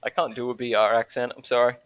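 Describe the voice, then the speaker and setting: Casual Australian guy on a chat podcast, drifting and restarting sentences and chuckling along the way. Middle pitch, with a dead, dry room sound. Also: little pitch movement, quick pace, a bit bright, no echo. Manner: rambling, self-interrupting, laughs often mid-sentence. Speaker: podcast guest.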